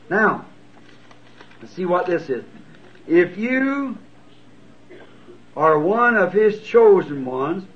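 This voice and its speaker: A man in his fifties with a Southern US accent, preaching a sermon and answering written questions in an earnest, folksy, self-deprecating way. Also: high-pitched. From United States. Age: 50s. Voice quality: old, lo-fi tape recording. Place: church sanctuary. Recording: dull lo-fi tape recording. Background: congregation answering amen.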